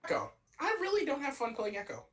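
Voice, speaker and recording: A man's voice: very high voice, wildly swooping pitch, quick pace, fairly bright tone, poor audio. A young man co-hosting a casual gaming podcast, rambling and swearing as he ranks characters. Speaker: podcast co-host.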